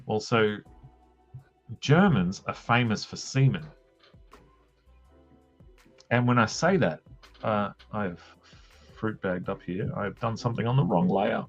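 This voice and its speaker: A man's voice: mid-range voice, lively intonation, a little slow, pauses often, darkish tone, soft background music. An Australian man hosting a drawing livestream, chatting casually in a joking, meandering way with lots of ums and tangents. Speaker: livestream host drawing comics. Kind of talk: casual rambling chat while drawing. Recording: dull lo-fi livestream audio.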